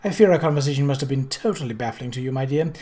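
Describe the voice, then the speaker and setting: A woman's voice: rumbling low, very fast, dark tone. A reader voicing a catty aristocratic lady. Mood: cool, patronizing. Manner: patronizing, silky. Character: haughty jealous aristocratic English lady. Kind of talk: audiobook character voice.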